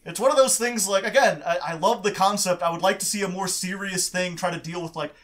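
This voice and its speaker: A podcast host with a notably high voice, chatting casually about a book. He explains background lore and tells anecdotes with sound effects, laughing often as he goes. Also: fairly quick, a bit bright.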